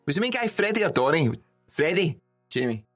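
A man's voice: fairly high pitch, big pitch swings, a little fast, a bit bright, faint music behind. A Scottish man hosting a podcast, joking and swearing in casual banter with his mates. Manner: swearing, joking, bursts of laughter. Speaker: podcast host.

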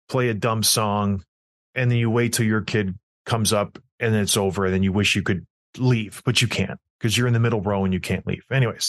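A man's voice: mid-range voice, fairly bright tone, no echo. Blunt storytelling man, dry close sound. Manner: blunt, storytelling, self-mocking. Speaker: podcast co-host. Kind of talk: casual sports podcast chat.

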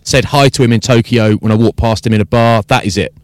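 Brief: male podcast host, lively storyteller, dry close sound. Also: medium pitch, fast talker, no room sound. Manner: animated storytelling, acting out exchanges. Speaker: podcast host and rugby commentator. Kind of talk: casual podcast chat.

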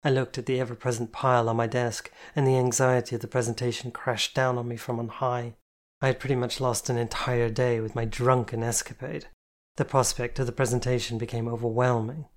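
An audiobook reader narrating a novel in the first person with steady, even storytelling. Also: mid-range voice, brisk.

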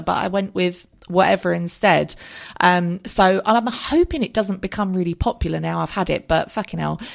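A woman in her thirties talks through her own podcast in an easygoing, candid way, peppering her chat with ums and the odd swear word. Her voice sits a little low and carries a gravelly edge. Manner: chatty, candid, swears casually, frequent ums. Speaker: podcast host. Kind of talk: casual solo podcast chat.

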